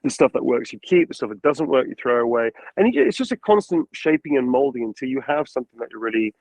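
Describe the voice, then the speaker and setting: A man, a voice actor, answering interview questions about his craft in an animated way and acting out voices as he goes. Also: mid-range voice, quick pace, dry recording, rough recording. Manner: animated, acts out quotes and voices. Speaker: voice actor guest.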